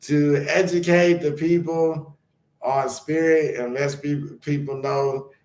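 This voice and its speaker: A man's voice: fairly high pitch, steady tone, slow pace, a little mellow, roomy sound, poor audio. A man hosting his own spiritual channel, talking loosely and rambling between card readings and chanted blessings.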